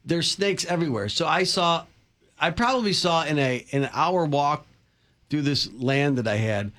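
A man's voice: on the high side, moderate pace. Rambling middle-aged man telling stories. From Chicago area, US. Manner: rambling anecdotes, self-deprecating, animated quoting. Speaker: co-host. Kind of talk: casual chat, storytelling.

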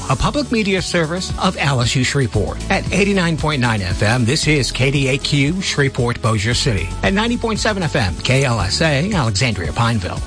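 Upbeat male station announcer with music. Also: on the high side. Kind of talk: radio station break.

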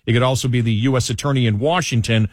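A man's voice: mid-range voice, steady tone, quick pace, no echo, studio quality. A man hosting a talk radio show, chatting with his co-host and then reading from a newspaper column, with frequent restarts. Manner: rambling, restarts, reads a column aloud. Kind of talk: casual talk radio banter and commentary. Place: radio studio. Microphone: studio headphones and mic.

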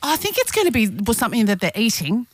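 Aussie woman co-hosting radio, chatty, pitch all over. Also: sing-song, fast talker, slightly rough, no room sound. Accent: Australian. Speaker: radio co-host. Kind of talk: casual radio chat.

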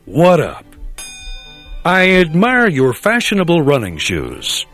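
A man's voice: on the high side, huge pitch swings, slow, fairly bright tone, full character voice. A prissy, stiff-mannered guy trying out street slang, his voice jumping wildly up and down over light music in a comedy film clip. his delivery stays proper and careful. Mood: prim. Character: stuck-up man learning street slang.

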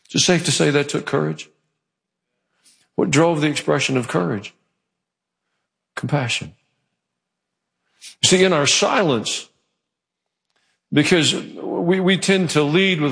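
A male pastor preaching a sermon in a church, telling the story with animated delivery. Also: fairly high pitch, a little slow, gravelly, pauses often. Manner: animated storytelling, acting out quoted voices. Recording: long hall reverb.

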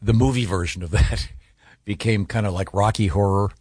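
A man's voice: lowish voice, moderate pace, a little mellow, slightly rough, no room sound. A man hosting a radio show in a studio, bantering with his co-hosts and asking them questions. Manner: joking, asks guests questions. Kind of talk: casual morning radio banter. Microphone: studio microphone.

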